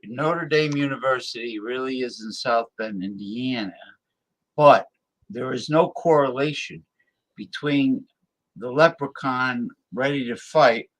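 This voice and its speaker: A man's voice: mid-range voice, measured pace, fairly bright tone. A man talking casually from his home desktop, rambling with many restarts. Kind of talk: casual chat. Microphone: desktop computer mic.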